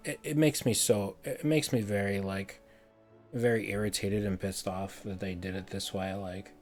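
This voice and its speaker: A man's voice: lowish voice, fairly even intonation, normal speed, soft background music. A man streaming a heated game review, ranting and swearing often, repeating words in frustration.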